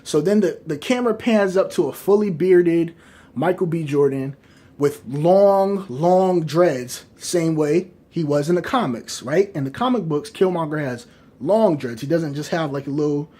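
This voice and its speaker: A man's voice: a little high, unhurried, dark tone. A man reviewing movies, rambling through casual fan speculation and often checking in with his listeners. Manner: rambling, keeps asking "right?" and hedging.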